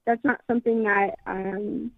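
A woman's voice: medium pitch, fairly even intonation, measured pace. A young woman answering a Christian hotline, hesitant with frequent ums. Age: young adult. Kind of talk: phone conversation. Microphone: phone. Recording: tinny phone line.

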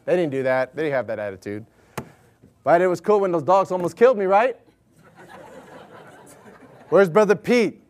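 A middle-aged man preaching a sermon, telling stories and acting out dialogue in an animated way. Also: fairly high pitch, brisk, long pauses. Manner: animated, storytelling, acts out dialogue. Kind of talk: sermon with personal story.

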